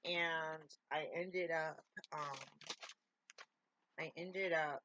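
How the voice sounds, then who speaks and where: A woman's voice: deep voice, fairly even intonation, very slow, sharp tone, dull audio, slight background noise. A woman talking to camera in a casual, rambling check-in, drifting between thoughts and breaking off mid-sentence. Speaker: vlogger.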